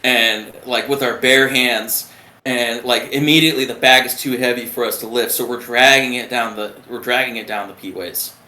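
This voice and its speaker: Brief: male veteran guest, animated and profane storyteller, roomy echo. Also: medium pitch, moderate pace. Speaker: retired submariner guest. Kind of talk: casual storytelling.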